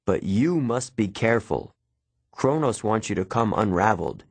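A man voicing an older male centaur teacher, measured and gentle, in an audiobook. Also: on the low side, very animated, husky, no room sound, heavily acted. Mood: grave.

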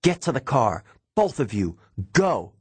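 A man voicing a protective, worried mother who speaks softly and pleads. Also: mid-range voice, sing-song, measured pace, breathy edge, no room sound. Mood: urgent. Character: worried, protective mother, middle-aged woman.

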